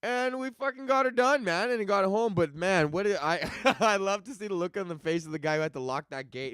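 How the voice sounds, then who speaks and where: A man with a fairly high voice hosts his own comedy podcast and rants casually with plenty of swearing. His voice is smooth and resonant and sounds close to the mic in a dry, dead room. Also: brisk, few pauses, no echo. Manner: profane, animated storytelling with acted-out quotes. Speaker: podcast host and stand-up comedian.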